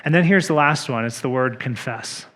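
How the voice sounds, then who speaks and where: Pastor guy preaching in church, earnest and measured, mid pitch voice. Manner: earnest, measured, drops to soft emphasis. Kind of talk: sermon.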